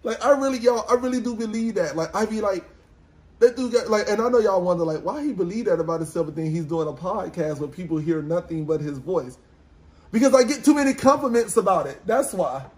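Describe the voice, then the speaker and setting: A man's voice: high-pitched, expressive, fairly quick, a little mellow. A young man with a congested, nasal-sounding voice, chatting on a podcast and telling stories with lots of restarts. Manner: storytelling with many restarts, acting out callers. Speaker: podcast co-host. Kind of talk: casual chat.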